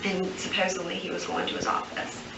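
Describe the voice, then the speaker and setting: A woman giving a recorded statement to police, rambling on without pause and full of fillers. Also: fairly low pitch, flat delivery, creaky. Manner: rambling nonstop, many fillers. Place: police interview room. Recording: echoey, distant, noisy interview room recording.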